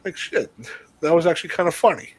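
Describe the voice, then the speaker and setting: A man co-hosting a casual wrestling chat show, blunt and quick to swear, laughing often. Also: on the high side, slightly rough, no room sound, low-quality recording. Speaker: podcast co-host.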